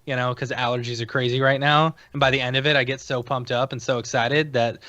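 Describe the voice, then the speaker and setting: A man co-hosting a podcast, chatty and excitable in casual conversation. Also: mid-range voice, fast talker, no echo, lo-fi sound. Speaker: podcast co-host. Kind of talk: casual chat.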